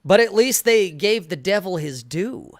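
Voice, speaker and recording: A man's voice: sits high, animated, a little slow, dry recording, studio quality. A man, the guest writer on a podcast, talking casually in a profane, emphatic, ranting way. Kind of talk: casual chat.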